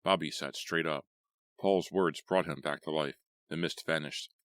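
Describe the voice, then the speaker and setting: A man reading a horror audiobook in a measured, steady way. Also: extremely low pitch, no echo. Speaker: audiobook narrator. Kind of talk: scripted horror audiobook narration.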